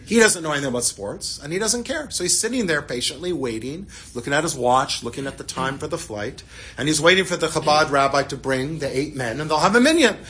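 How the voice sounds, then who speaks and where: A man, a rabbi, telling a story as part of a sermon, animated at times and dropping to hushed tones at others. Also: on the high side, quick pace, a little hiss or hum.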